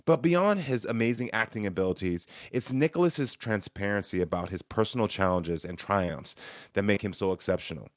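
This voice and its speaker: A man's voice: lowish voice, normal speed, no room sound, clean studio sound. Upbeat chatty podcast host, male. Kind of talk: interview podcast hosting.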